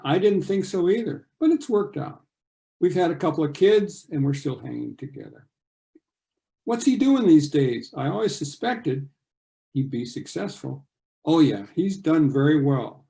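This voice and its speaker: A man's voice: fairly high pitch, gravelly, warm tone. An older man, a thriller author, reading a passage from his novel aloud over a video call, voicing the dialogue with dramatic rises and drops.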